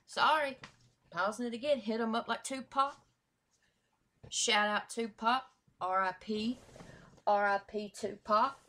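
A woman hosting a music reaction video, exclaiming and repeating lyrics with excitement. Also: fairly high pitch, measured pace, long pauses.

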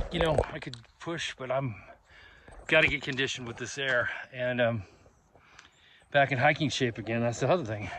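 A man with a fairly high, somewhat bright voice narrates a casual hiking vlog on a mountain trail, chatting and rambling into a handheld camera. There's slight background noise.

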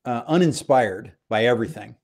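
A man chatting as a guest about amps from his living room over a video call, explaining things clearly and playfully. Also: mid-range voice, animated, normal speed, darkish tone. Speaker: guest amp expert. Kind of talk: casual chat on a live video call. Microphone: video call microphone.

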